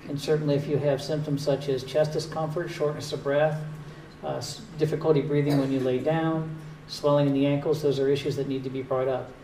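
Brief: male doctor with a Northern US accent, mellow tone, plain and patient, recorded from a distance in a roomy hall. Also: on the high side, little pitch movement, a little fast. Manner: plain, patient explaining with dry jokes. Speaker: cardiologist giving a talk. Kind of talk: explanatory health talk with audience Q&A. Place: community hall at a retirement home. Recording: echoey hall, distant mic, faint hiss.

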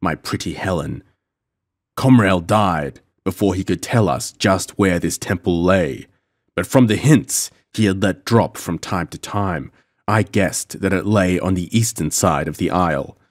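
A man doing a deep, menacing pirate captain. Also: measured pace, no echo, clean studio sound.

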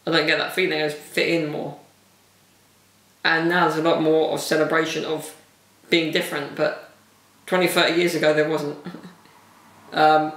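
A man's voice: on the high side, vocal fry, fairly bright tone, distant mic. A man hosting a casual solo podcast, talking candidly and rambling with frequent laughs, his voice wearing thin. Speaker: vlogger and podcast host. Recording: echoey room, mic set back.

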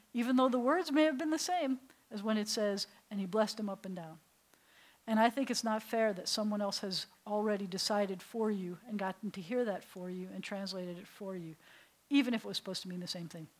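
A middle-aged woman rabbi leads a beginners' class in a synagogue classroom. Her voice sits at an ordinary middle pitch, and she tells stories at an easy teaching pace. She often turns to the room with questions. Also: brisk, poor audio. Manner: storytelling, asks the class questions. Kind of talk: classroom lecture to adult learners.

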